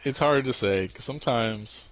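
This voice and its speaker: Animated, foul-mouthed male gamer. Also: medium pitch, normal speed, muffled recording, slight background noise. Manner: profane, animated storytelling. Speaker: gamer playing with friends. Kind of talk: casual chat while gaming.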